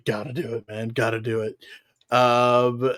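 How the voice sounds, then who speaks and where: An American man co-hosts a casual wrestling podcast, rambling through the news with lots of "uh"s and frequent laughter. His medium-pitched voice is fairly bright, with little pitch movement and a slightly slow pace.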